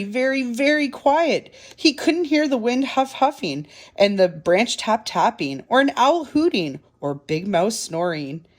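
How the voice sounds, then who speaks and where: A woman reading a children's picture book aloud for a library storytime, soft and dramatic. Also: medium pitch.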